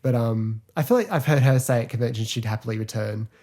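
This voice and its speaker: A man hosting a casual solo podcast review, talking in a chatty, rambling way full of fillers and quick laughs. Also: medium pitch, dark tone. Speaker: podcast host.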